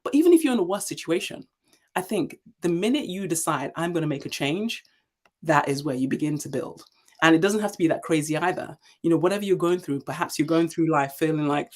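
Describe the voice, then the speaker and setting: A woman in her forties from Nigeria, a leadership speaker telling her story as a guest in an interview, emphatic and animated. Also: deep voice, fast. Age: 40s.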